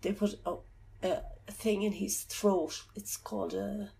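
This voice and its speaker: A middle-aged woman telling of her loss in an interview. She talks haltingly and softly, often searching for words. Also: medium pitch, fairly even intonation, creaky, slight background noise. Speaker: bereaved mother telling her story. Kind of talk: personal account in an interview.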